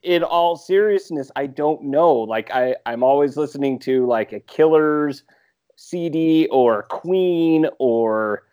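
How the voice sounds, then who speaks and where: A man's voice: on the high side, slow pace, warm tone, muffled recording. Rambling easygoing male podcast co-host. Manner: rambling, hesitant with frequent "uh". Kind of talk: casual chat.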